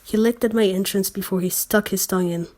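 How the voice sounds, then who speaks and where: A woman's voice: mid-range voice, steady tone, fairly quick, warm tone. Woman host, mocking fanfic read-through, sarcastic asides, trips over words. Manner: sarcastic asides, slips and self-corrections. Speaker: channel host. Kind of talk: mocking reading of fan fiction.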